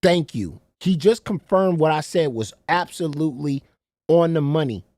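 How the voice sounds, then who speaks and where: Man, reaction streamer, mocking and incredulous, lively pitch, dry close sound. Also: moderate pace, no room sound. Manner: incredulous, mocking, swears freely, repeats "bro". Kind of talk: profane reaction commentary.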